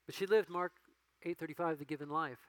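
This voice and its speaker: A male pastor giving a conversational sermon that rises to emphatic peaks and drops to quiet storytelling. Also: on the high side, brisk, dry recording, rough recording.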